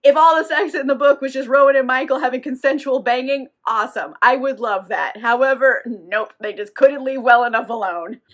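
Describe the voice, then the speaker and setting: A woman with a high, bright voice who recaps a novel casually. She swears freely, laughs often and keeps her delivery animated. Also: a little fast, few pauses. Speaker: book reviewer. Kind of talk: casual book recap vlog.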